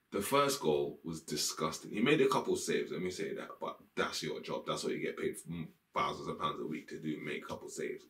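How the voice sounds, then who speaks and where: Standing in a green-screen room, a man fires off an exasperated, profane post-match rant about his football team. His voice is extremely low in pitch yet fairly bright, with echoey sound from a distant mic.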